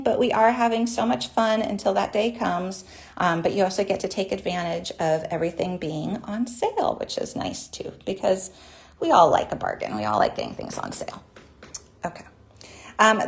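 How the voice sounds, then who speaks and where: A woman hosting a live jewelry-making class, chatty and bubbly, greeting viewers by name, with a naturally high voice. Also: vocal fry, darkish tone. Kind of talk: live online craft demonstration.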